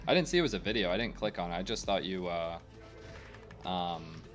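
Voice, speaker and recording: A man's voice: low voice, expressive, fairly quick, a bit bright. A young man streaming a game, chatting casually to his viewers, rambling and opinionated with lots of fillers. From United States. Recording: faint game music behind.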